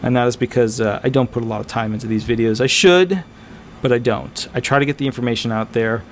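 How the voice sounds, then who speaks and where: A man speaking as a disability attorney, giving casual, animated advice to viewers, emphatic and repetitive with frequent fillers. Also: mid-range voice, quick pace, slight background noise. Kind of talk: casual advice talk to camera.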